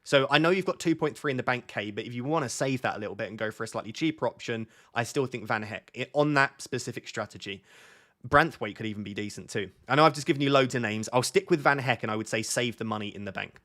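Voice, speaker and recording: A man's voice: medium pitch, a bit bright. A young man hosting a casual live stream, chatting and reading out viewers' questions. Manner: chatty, reads viewer questions aloud, quick asides. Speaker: fantasy football streamer.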